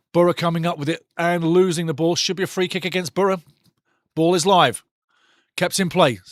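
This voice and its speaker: Man, football watch-along commentator, passionate and mocking, fairly high voice, dry close sound. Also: no room sound. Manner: loud, passionate, mocking the referee. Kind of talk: live match commentary with chat banter.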